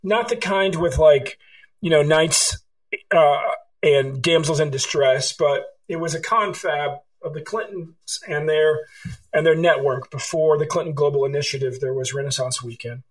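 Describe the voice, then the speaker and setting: The recording is rough, and his voice runs a little high at a moderate pace. This middle-aged author from California is a guest in an interview, giving storytelling answers and performing the dialogue with animation.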